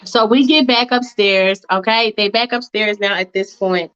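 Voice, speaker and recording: A woman's voice: medium pitch, fairly even intonation, moderate pace, a bit bright, clear, resonant tone, highs cut off. A woman casually telling a fan-fiction story in a chatty, slangy way with many asides.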